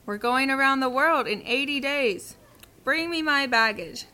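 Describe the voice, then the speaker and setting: A woman voicing a calm, decisive English gentleman in a children's cartoon, speaking crisply and giving orders. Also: high-pitched, measured pace. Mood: brisk.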